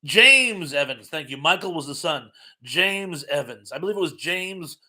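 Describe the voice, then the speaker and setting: A middle-aged man with a bright, forceful voice pitched a little high hosts a relaxed live-stream trivia session. He reads questions and viewer comments in a chatty, self-mocking way. He laughs easily and trips over his own sentences. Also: moderate pace.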